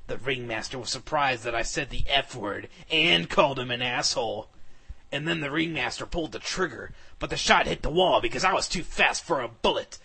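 A man reads fan fiction aloud for laughs, hamming up the drama and now and then shouting. His voice is forceful and bright, with a husky grain to it. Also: medium pitch, brisk. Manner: mock-dramatic, bursts into shouting. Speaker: reader. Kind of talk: comic reading of fan fiction.

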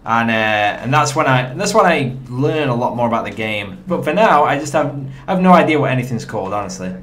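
A man's voice: medium pitch, brisk, a little hiss or hum. A young man, chatting to viewers while commenting on his own gameplay from a home setup. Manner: chatty, excitable, talks to viewers. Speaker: gaming commentator.

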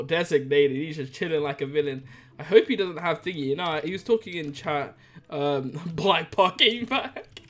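A male YouTuber giving excitable gameplay commentary, giggling and laughing often. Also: fairly high pitch.

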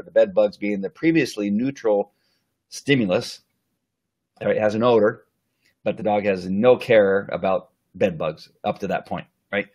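A man's voice: on the low side, darkish tone. A man who trains dogs giving a casual, rambling live-stream lesson, full of fillers and restarts, sometimes acting out what the dog thinks. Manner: acts out the dog's thoughts in quick asides.

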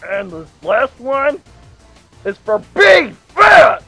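A man's voice: high voice, lively intonation, normal speed, fairly bright tone, soft background music, full character voice. A man voicing a brash young werehog hero in an improvised fan dub, trash-talking crudely and cockily. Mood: vengeful. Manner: crude, cocky trash talk.

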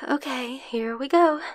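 A young woman voicing a brash, foul-mouthed tsundere girlfriend who swears a lot and turns gruff and embarrassed by turns, in an ASMR roleplay voice message on a close mic. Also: high voice, measured pace, no echo.

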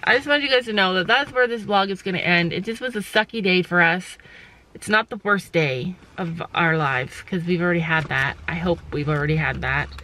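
A middle-aged woman talks straight to her viewers in a casual vlog, her voice bright and clear at a middling pitch. She rambles and sighs, circling back on herself and owning up to her mistakes. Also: rough recording. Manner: rambling, sighing, self-critical. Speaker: vlogger.

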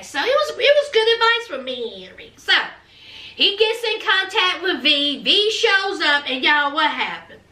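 A woman's voice: very high voice, big pitch swings, unhurried, sharp tone, distant mic. A woman recapping a reality show in casual, sassy, gossipy chat. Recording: roomy, off-mic.

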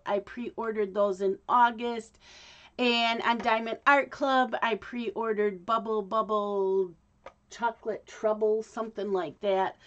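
A woman chats slowly and casually to her viewers, drifting from one thing to the next with plenty of ums and false starts. Her voice sits a little high for a woman. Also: highs cut off. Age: adult. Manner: rambling, chatty, with many ums and restarts. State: hiccups. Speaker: craft vlogger. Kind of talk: casual chat to camera.

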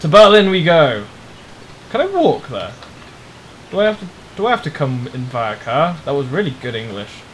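A man's voice: mid-range voice, big pitch swings, moderate pace, background noise. A man giving rambling, jokey let's play commentary on a driving game, swearing often. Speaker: gamer playing a driving game.

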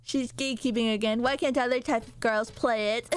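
A woman's voice: fairly high pitch, fairly even intonation, normal speed, slight background noise. A woman from the United States casually chatting with her viewers while playing a horror game, joking and swearing freely. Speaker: streamer. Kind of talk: casual gaming stream chat.

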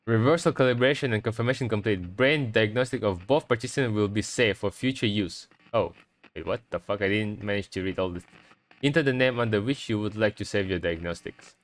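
This gameplay streamer speaks briskly in a lowish voice while playing a horror game, jumping at scares, swearing, and reading on-screen text aloud. It's a rough recording of let's-play commentary.

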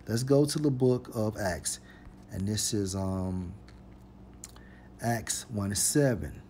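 A preacher with a lowish voice, over slight hiss or hum, reads scripture verses slowly and forcefully. He emphatically drives home each point with "point blank, period."

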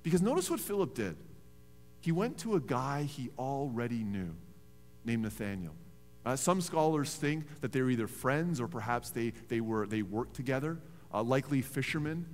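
A man, a pastor preaching a sermon in a church in a conversational, animated storytelling way. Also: medium pitch, moderate pace. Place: church sanctuary. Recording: reverberant church hall.

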